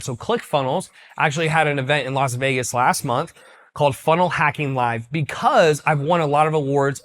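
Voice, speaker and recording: A young man coaching on business in a direct, salesy way. His voice sits a little higher than most men's. He explains steps with confident emphasis, like a practiced pitchman. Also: fairly bright tone. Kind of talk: talking-head business lesson.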